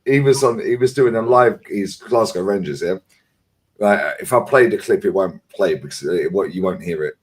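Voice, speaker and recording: A man bantering on a live football fan stream, animated, laughing and swearing freely. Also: low voice, moderate pace.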